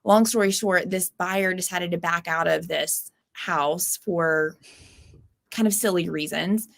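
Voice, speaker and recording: A woman's voice: fairly low pitch, slow pace, vocal fry. A woman real estate agent on a video call, chatting and telling stories about her market with many fillers. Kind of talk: casual panel chat.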